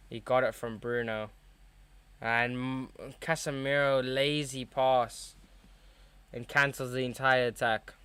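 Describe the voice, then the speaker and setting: Young man, football watchalong host, smooth clear voice, dry close sound, excitable fan reactions. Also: medium pitch, dry recording. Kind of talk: live match watchalong commentary.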